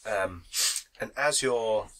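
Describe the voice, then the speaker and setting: A man's voice: fairly low pitch, slow pace, fairly bright tone, slight background noise, rough recording. A man with a cold, running a tabletop game as game master and narrating the scene with a laugh in his voice. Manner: laughing, playful scene-setting. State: has a cold.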